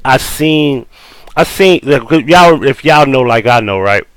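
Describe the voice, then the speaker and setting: A man's voice: mid-range voice, lively intonation, measured pace, fairly bright tone, clear, resonant tone, no room sound, poor audio. Blunt, profane man with a New Orleans accent. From Louisiana. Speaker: host reacting to a video. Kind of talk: casual commentary.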